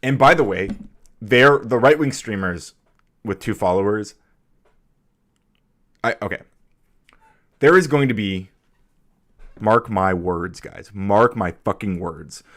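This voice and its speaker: A man's voice: fairly low pitch, animated, takes it slowly, long pauses, a bit bright. A man hosting a live stream, giving heated, emphatic commentary. He swears freely and often repeats himself as he talks. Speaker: streamer host.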